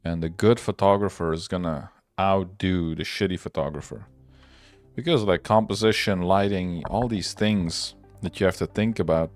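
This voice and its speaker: A man's voice: deep voice, moderate pace, dry recording, faint music behind. A young man hosting a livestream, chatting casually in a rambling, loose and profane way. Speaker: livestream host. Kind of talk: casual livestream chat while working.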